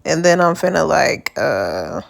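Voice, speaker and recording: A woman's voice: low-pitched, sing-song, a little slow, gravelly. A woman, casually narrating her home cooking in laid-back, profane slang. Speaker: home cook vlogger. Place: home kitchen.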